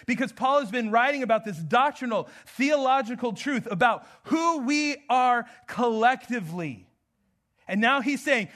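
A man's voice: very high voice, animated, normal speed, a bit bright. A man from the American Southwest preaching a sermon as pastor, conversational and joking, often breaking into laughter.

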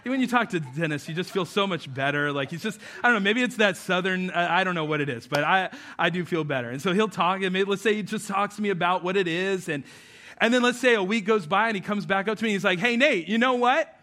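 A male pastor preaching a sermon in a conversational, animated, self-deprecating way. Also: high voice, fast.

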